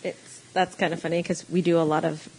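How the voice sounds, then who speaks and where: A woman's voice: on the low side, little pitch movement, brisk, a little mellow, slight background noise, low-quality recording. A woman co-hosting a casual podcast, telling work stories in a dry, exasperated way. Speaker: podcast co-host. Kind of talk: casual chat.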